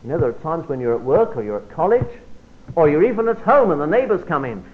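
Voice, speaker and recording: Male preacher, Bible study sermon, lively swooping delivery, quiet low drops, thin phone-like sound. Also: fast talker, slight background noise. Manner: expressive, emphatic delivery with sudden drops to quiet. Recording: phone-like narrow band.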